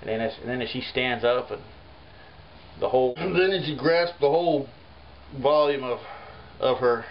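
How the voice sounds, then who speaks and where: A folk artist, rambling through a comic monologue full of "you know.". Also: male voice, mid-range voice, moderate pace, pauses often. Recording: muffled home recording with faint hiss.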